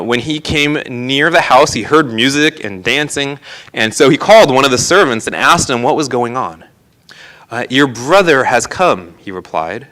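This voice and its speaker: A man's voice: medium pitch, a bit bright, poor audio. A man, a pastor, preaching a sermon in a live-streamed church service and retelling a parable with earnest storytelling. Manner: earnest storytelling preacher, voicing characters in quotes.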